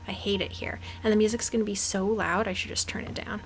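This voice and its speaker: A woman's voice: mid-range voice, fairly even intonation, fairly quick, few pauses, a bit bright, soft background music. A young woman giving nervous commentary while playing a horror game, often dropping to a whisper. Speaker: let's play gamer.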